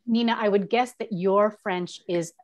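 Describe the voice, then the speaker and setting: A woman hosting a video interview who steps in with polite, measured questions. She speaks at an ordinary mid pitch. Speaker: host, managing editor.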